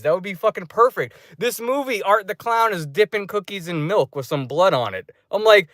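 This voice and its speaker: A man's voice: high voice, normal speed, hardly any pauses, no room sound. Profane rambling man in a dry room. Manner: profane storytelling with animated re-enacted outbursts; loose, restarting delivery. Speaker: movie reviewer. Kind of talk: rambling casual vlog review. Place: dark room.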